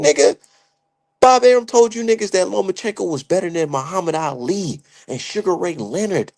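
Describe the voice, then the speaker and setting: A man's voice: sits high, big pitch swings, fairly quick, a little mellow. A young man giving heated, profane, slangy commentary as a streamer. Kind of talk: ranting casual commentary.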